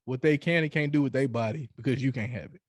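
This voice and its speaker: This man, co-hosting a laid-back podcast conversation, speaks at a medium pitch and a quick clip in a dry, clean studio recording. His storytelling is loose and preachy, peppered with profanity and frequent restarts as he offers advice.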